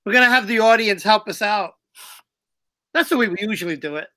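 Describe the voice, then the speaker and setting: A woman's voice: medium pitch, a little fast, pushed and bright. A woman hosting a casual live stream, playful and prone to giggling as she reads. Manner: playful, breaks into giggles while reading. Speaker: host.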